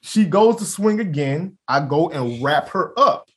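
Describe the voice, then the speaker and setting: Unhurried and a little high in pitch, a young man shares a story as co-host of a casual podcast. He animates it by acting out the others' lines, laughs often and swears without holding back.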